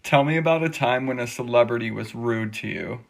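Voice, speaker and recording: A man hosting the video and telling a short story in a deadpan way. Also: mid-range voice, brisk, vocal fry. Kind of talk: casual storytelling.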